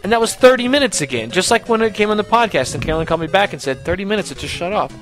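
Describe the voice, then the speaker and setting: A man's voice: high voice, lively intonation, rapid-fire, fairly bright tone, soft background music. A man hosting a podcast, telling a story in casual chat, swearing freely and acting out what other people said. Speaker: podcast host.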